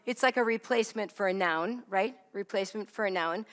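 A woman's voice: mid-range voice, normal speed. A woman Bible teacher leading a study for a live group, stressing and repeating key phrases and quizzing her listeners. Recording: long reverb of a hall.

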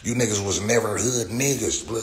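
A man in his forties, brisk and lowish-voiced, rants profanely on his livestream and answers comments from chat. The audio has an echoey room and faint ambient noise.

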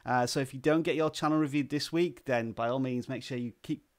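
A man hosting a live stream, greeting viewers by name and talking at a slow, relaxed, deliberate pace with plenty of "uh" fillers, into a desk microphone. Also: medium pitch. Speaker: livestream host. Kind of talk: live-stream chat, reading out viewer names.

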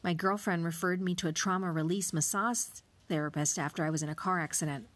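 A woman tells her own story as a podcast host in a reflective, carefully scripted voice. Her voice sits a little low. She sometimes drops to a soft whisper. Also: fairly quick.

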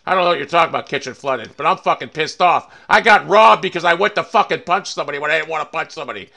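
A man with a fairly high, bright, pushed voice and vocal fry talks in rapid-fire bursts while streaming a shooter game. As live gameplay commentary, it's an angry rant full of swearing and muttering.

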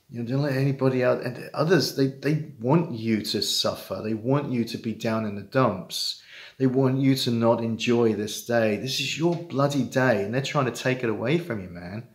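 A middle-aged man with an earnest, halting manner, talking straight to fellow fathers in a heartfelt personal monologue. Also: mid-range voice, reverberant. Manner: earnest, halting, with many restarts and repetitions. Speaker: father giving advice to estranged dads.

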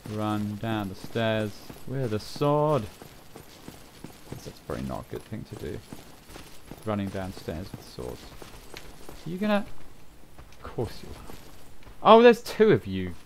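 A man's voice: lowish voice, wildly swooping pitch, measured pace, pauses often, darkish tone, a little hiss or hum. A man casually commenting while he plays a video game, chatty and given to sudden exclamations and swearing, with game music behind him. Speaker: gaming channel host. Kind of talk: casual let's-play commentary.

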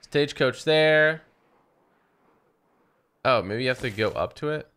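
Bright-voiced young man playing a game. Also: medium pitch, unhurried, smooth. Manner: chatty, excitable, talks to his horse. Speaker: gaming YouTuber. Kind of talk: let's play commentary.

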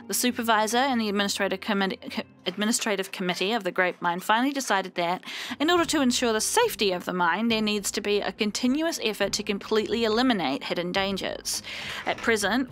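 A woman's voice: mid-range voice, a bit bright. New lady reading game news like an anchor, little stumbles, mid voice. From New Zealand. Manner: reads in a mock news-anchor voice, stumbles and laughs. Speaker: let's play host. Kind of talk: reading game text aloud with commentary.

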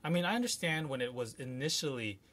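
A man co-hosting a podcast, relaxed and chatty, telling stories with a laugh. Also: medium pitch, fast talker. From United States. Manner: laid-back, laughs while telling stories. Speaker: podcast co-host. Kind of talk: casual podcast conversation.

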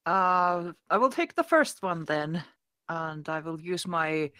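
A woman co-hosting a comedy podcast, relaxed and quick to laugh. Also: fairly low pitch, no room sound, clean studio sound. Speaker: podcast co-host. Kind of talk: casual comedy chat.

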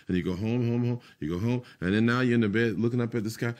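A male pastor preaching a sermon, slowing down for emphatic phrases and repeating key lines, dropping into quick muttered asides. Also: mid-range voice, darkish tone.

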